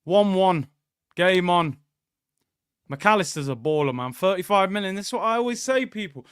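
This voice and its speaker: A young man hosting a live football watchalong, reacting excitably and joking with viewers. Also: high voice, moderate pace, smooth, no echo, studio quality. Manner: excitable, jokey banter with viewers. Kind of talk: live match watchalong commentary.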